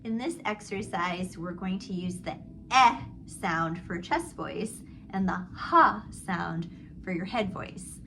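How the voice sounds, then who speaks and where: In a poor recording with slight background noise, a middle-aged female vocal coach speaks in a lowish voice at a slow pace. She is teaching a singing lesson, demonstrating vowel slides and sighs before calmly explaining technique between sung vowel exercises.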